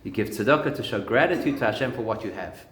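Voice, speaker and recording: A man's voice: fairly low pitch, fast, a bit bright. Man teaching in a roomy echo. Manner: conversational teaching with humorous anecdotes. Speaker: rabbi. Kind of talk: Torah lesson.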